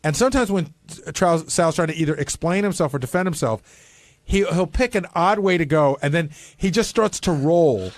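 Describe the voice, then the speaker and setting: A man's voice: a little high, moderate pace, no echo. A man hosting a radio talk show, questioning a guest bluntly in a casual studio chat. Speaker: radio host.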